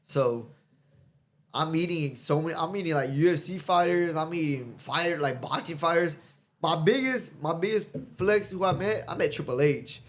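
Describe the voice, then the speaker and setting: A man's voice: fairly high pitch, normal speed. A man guest on a podcast, telling stories in casual, profane chat, laughing often and acting out what people said. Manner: profane, laughing storyteller who acts out quotes.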